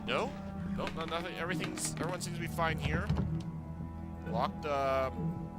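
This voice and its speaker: A man's voice: fairly high pitch, normal speed. A young man talking his way through a game, rambling and correcting himself, with game music playing. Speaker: gamer playing a game on video. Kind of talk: let's play commentary.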